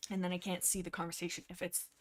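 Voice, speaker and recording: A woman hosting a casual livestream, rambling excitably about a book, laughing often and answering chat as she goes. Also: on the low side, quick pace, background noise. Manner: reads and answers chat messages. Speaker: livestream host.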